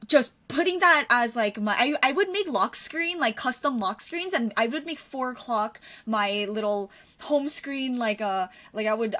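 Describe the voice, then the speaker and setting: A young woman streaming a reaction video, chatting casually and gushing with excitement, with a giggly manner. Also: fairly high pitch, dry recording.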